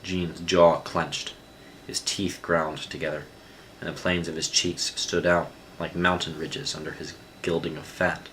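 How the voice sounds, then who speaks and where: A man reading a novel aloud as narrator in a slow, steady manner. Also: low voice, a little hiss or hum, rough recording. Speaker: audiobook reader. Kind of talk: scripted narration.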